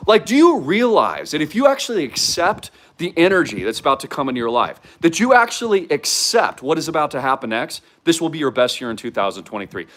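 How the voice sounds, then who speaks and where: A man in his thirties delivers an energetic, pitch-heavy hype monologue straight to his audience. His voice sits a little high for a man and swoops constantly as he works himself up. He peppers everything with casual fillers and mild curse words. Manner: excitable, salesy, heavy use of "like" and "freaking". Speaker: crypto investment channel host.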